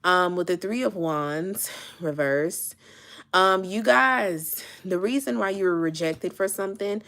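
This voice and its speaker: A woman's voice: on the low side, measured pace, fairly bright tone. A young woman giving a casual tarot reading, chatty and full of ums and okays, a little out of breath. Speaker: tarot reader.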